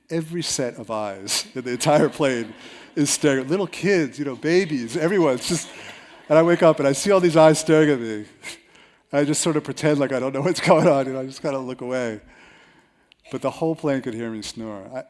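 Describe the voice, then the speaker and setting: A man presents a seminar to a large live audience. He mixes advice with animated, self-mocking stories. His voice sits at a mid pitch.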